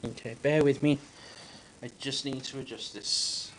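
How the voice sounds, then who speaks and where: A man's voice: mid-range voice, steady tone, a bit bright, slight background noise. A man hosting a livestream, telling a joke casually with many fillers and restarts. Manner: halting, full of fillers and restarts. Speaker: livestream host.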